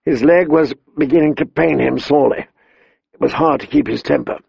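A man reading a fantasy novel aloud as audiobook narrator, in measured storytelling. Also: a little high, gravelly, darkish tone, breathy edge, no room sound. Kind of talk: scripted narration. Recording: dull, dry lo-fi audiobook recording.

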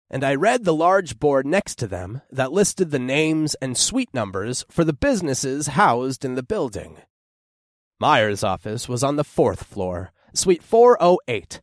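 A man reading a first-person story as an audiobook narrator, with expressive, descriptive storytelling. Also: medium pitch, no room sound, clean studio sound.

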